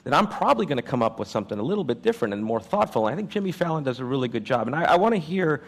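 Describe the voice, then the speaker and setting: A man's voice: mid-range voice, very animated, rapid-fire. A man moderating an on-stage interview, asking long, winding questions with a few hesitant restarts.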